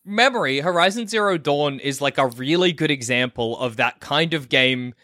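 A man co-hosting a casual gaming podcast, teasing his friends and quick to laugh. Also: on the high side, bright, forceful tone, dry recording, clean studio sound. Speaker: podcast co-host. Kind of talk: casual chat.

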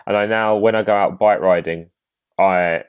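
Young southeast English male podcast host, slightly low voice, rambling casual delivery. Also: fairly even intonation, moderate pace, smooth, phone-quality sound. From Kent, England. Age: 20s. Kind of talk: casual chat.

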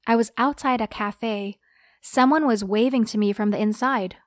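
A woman's voice: fairly high pitch, moderate pace, no echo, studio quality. A woman narrating a dramatic first-person story in an earnest, dramatic telling.

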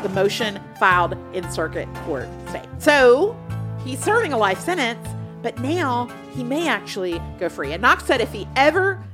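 Woman, podcast co-host, animated, playful, lively pitch, soft music bed. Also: normal speed. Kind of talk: casual chat.

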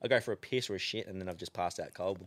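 A deep-voiced Australian man fires off his words rapidly as a podcast guest. He tells casual stories in an energetic, foul-mouthed way, with swearing throughout.

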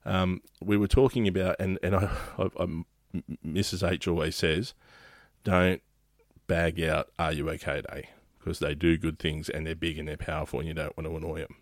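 A very low-pitched Australian man hosting a podcast, chatting loosely and laughing often. The sound is dry and close, with no room around it. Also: little pitch movement, moderate pace, no room sound. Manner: rambling, restarts often, laughs easily. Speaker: podcast host. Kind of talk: casual podcast chat.

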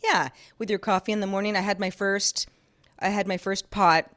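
A woman's voice: mid-range voice, fairly even intonation, normal speed, a bit bright. A woman co-hosting a podcast in casual chat, rambling cheerfully and laughing often. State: sore shoulder. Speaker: podcast co-host.

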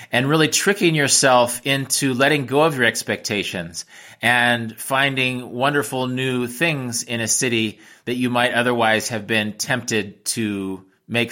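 A man's voice: medium pitch, pushed and bright. An American man, a travel writer and teacher, giving reflective interview answers with frequent restarts. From United States.

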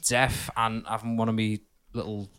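A man with a slightly low, somewhat bright voice speaks at a normal pace in an even tone. He's co-hosting a casual podcast, bantering with friends and laughing often as he recounts drunken pub stories.

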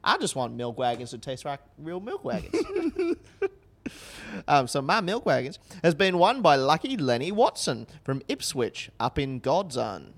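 A man's voice: fairly high pitch, wildly swooping pitch, measured pace. A man in his thirties co-hosting a podcast, reading a magazine aloud in a dry, playful way. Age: 30s. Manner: dry, playful, reads in mock tones. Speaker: podcast co-host. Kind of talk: casual chat, reading aloud.

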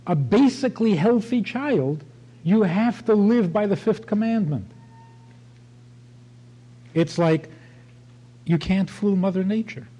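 A man's voice: on the high side, warm tone, poor audio. A man giving a spoken religious talk, telling stories and stressing points by repeating them. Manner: emphatic, storytelling, repeats phrases for stress.

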